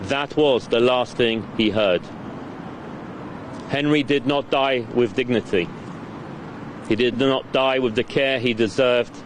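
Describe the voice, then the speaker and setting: A man reads a prepared statement slowly and gravely, at a mid pitch. Traffic and street sounds run clearly behind him, as if recorded outdoors. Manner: grave, measured. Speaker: victim's parent reading a statement. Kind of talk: prepared statement read aloud. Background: clear traffic and street noise.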